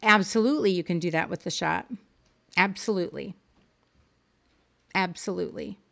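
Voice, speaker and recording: Speaking at a moderate pace in a fairly low, gravelly voice, a woman runs a live stream teaching game decorating. She coaches viewers through their choices cheerfully and answers chat as she goes.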